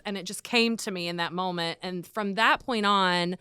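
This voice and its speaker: A woman guest from North Carolina chatting casually in a podcast interview, laughing often and filling pauses with "um". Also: mid-range voice, sharp tone, smooth, no echo, studio quality. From North Carolina, USA. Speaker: podcast guest, arts executive director.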